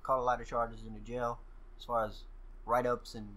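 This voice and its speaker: Male guest, casual profane storyteller, animated delivery, bright tone. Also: mid-range voice, moderate pace. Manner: profane, animated storyteller who acts out quoted exchanges. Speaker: podcast guest.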